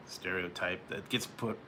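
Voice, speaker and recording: Against background noise, a low-pitched man from California hosts a live stream and reads chat. His talk with viewers is casual and meandering, with frequent chuckles between remarks.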